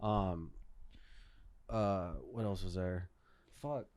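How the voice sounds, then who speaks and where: Smooth-voiced man telling profane stories. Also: low-pitched, fairly even intonation, drawn-out words, darkish tone, no echo, clean studio sound. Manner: profane storytelling, swears a lot. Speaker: podcast host. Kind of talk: casual chat. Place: Phoenix, Arizona.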